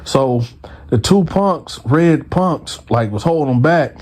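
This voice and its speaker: A man tells a story straight to his viewers in a casual, animated way. His voice sits on the high side for a man. He acts out the people in his story as he goes. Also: slow. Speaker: storyteller, channel host.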